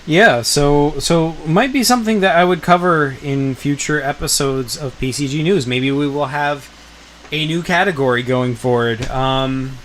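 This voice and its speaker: A man's voice: a little high, a little slow, a little hiss or hum. Rambling man hosting a casual stream. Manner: rambling, filler-heavy, enthusiastic. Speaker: streamer host. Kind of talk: casual live stream chat.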